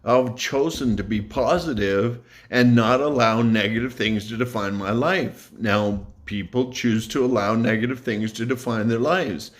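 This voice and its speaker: A man talking to camera in an earnest, reflective way, pausing and correcting himself as he goes. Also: mid-range voice. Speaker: YouTube vlogger. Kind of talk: casual talk to camera.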